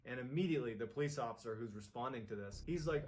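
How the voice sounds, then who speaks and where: A man's voice: medium pitch, lively intonation, racing, few pauses. Man narrating a tense horror story. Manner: suspenseful, builds intensity.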